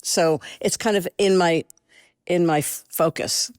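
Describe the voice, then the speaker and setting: Older woman, lowish voice, relaxed casual chat, dry close mic. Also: measured pace, no room sound. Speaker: guest.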